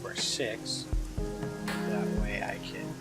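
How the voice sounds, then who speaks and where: A man hosting a let's play, musing casually to himself and reading the game's text aloud. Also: takes it slowly. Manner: relaxed, musing, half to himself. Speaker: video game let's play host. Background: game music.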